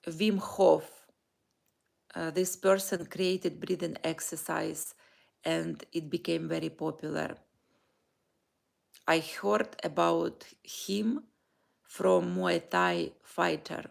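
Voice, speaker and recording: Slow, creaky-voiced woman sharing personal thoughts. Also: lowish voice, steady tone. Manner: slow, halting, heartfelt, with pauses and restarts. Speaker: vlogger and life coach. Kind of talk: personal morning reflection vlog.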